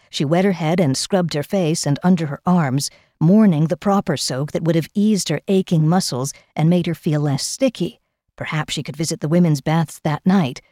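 A woman with a fairly low voice reads a novel aloud. Her delivery is measured and steady. The recording is dry, with no room sound. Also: no room sound. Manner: measured storybook reading. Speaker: audiobook narrator. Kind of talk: scripted narration.

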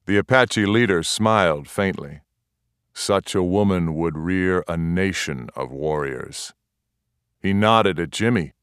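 Slow, deep-voiced male storyteller. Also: smooth, no room sound, clean studio sound. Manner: steady, unhurried storytelling. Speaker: audiobook narrator. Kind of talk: scripted narration of a western novel.

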